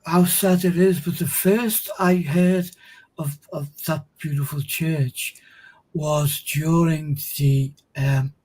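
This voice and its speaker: Slow, husky stream host. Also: male voice, fairly high pitch, fairly even intonation, a little mellow, low-quality recording. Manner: hesitant, repeats words while thinking aloud. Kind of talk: casual chat on a live stream.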